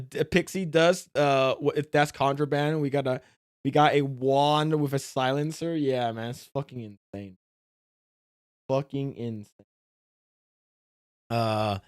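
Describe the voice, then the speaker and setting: Excitable, foul-mouthed male streamer. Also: a little high, clear, resonant tone, dry recording, clean studio sound. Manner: excitable, swears a lot, restarts often. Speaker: streamer reacting to videos. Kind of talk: casual live-stream reaction.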